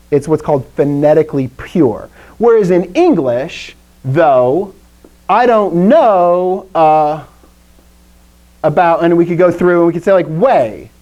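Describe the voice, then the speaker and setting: Woman, chatty joking teacher on a video call, very lively pitch. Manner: lively, chatty, quizzes the class, jokes. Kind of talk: live classroom lesson.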